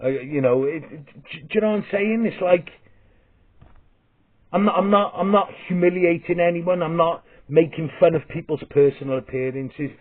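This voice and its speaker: A man's voice: a little high, normal speed. A man with a Welsh accent telling a comic story as a vlogger, blunt and sweary, with restarts. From Wales. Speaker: vlogger and comedian. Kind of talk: rambling comic storytelling monologue. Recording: tinny phone-like sound.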